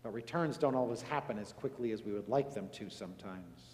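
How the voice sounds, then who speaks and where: A male pastor preaching a sermon earnestly, moving between emphatic lines and hushed, solemn ones. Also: on the low side, expressive, fairly quick. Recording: echoey hall with long reverb.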